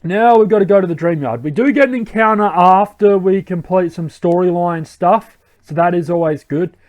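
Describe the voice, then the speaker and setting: A man's voice: high-pitched, normal speed, a little mellow. A man hosting a let's play, giving casual gameplay commentary and thinking aloud with rambling self-corrections.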